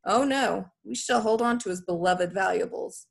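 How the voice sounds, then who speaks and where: A woman's voice: medium pitch, moderate pace, gravelly. A woman voicing a stern, pompous middle-aged foster mother who talks in a formal, scolding way, read as an audiobook character. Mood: cold mocking. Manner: formal, haughty, scolding speech.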